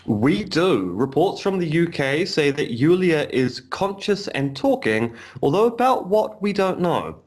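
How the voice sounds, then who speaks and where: A podcast co-host chats casually over a video call from home in Romania, leaning on dry, self-deprecating humor. He speaks a little slowly in a slightly high, sing-song voice, pausing rarely.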